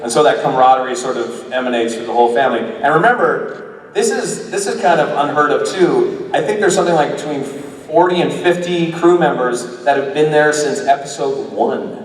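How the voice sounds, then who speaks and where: A man on a convention panel, an actor talking about his work in casual, animated, rambling chat full of restarts. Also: mid-range voice, brisk, a little hiss or hum. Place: large convention hall with audience. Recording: echoey hall recorded from far off.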